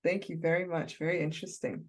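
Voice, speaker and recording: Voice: medium pitch, animated, fast talker. A host thanking a participant and introducing the next speaker in an online reading discussion, with enthusiastic praise.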